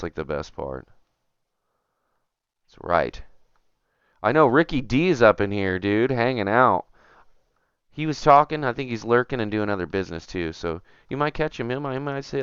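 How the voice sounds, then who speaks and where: A man's voice: fairly low pitch, animated, moderate pace, a bit bright, smooth, dry recording, dull audio. A man streaming a retro game, talking to himself and his viewers as he plays, getting frustrated and muttering. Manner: chatty, self-talking, gets frustrated and mutters. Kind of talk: casual gameplay commentary.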